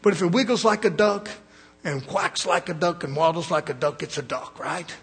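A man's voice: fairly high pitch, normal speed, a bit bright, breathy edge. A middle-aged male preacher giving a fiery sermon in a blunt, folksy manner, calling for amens from the congregation. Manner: folksy, blunt, call-and-response.

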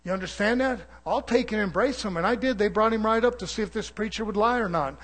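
Fiery high-voiced preacher man. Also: fast. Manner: forceful preaching, swinging between loud peaks and low asides. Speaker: pastor. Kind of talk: fiery sermon. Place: church.

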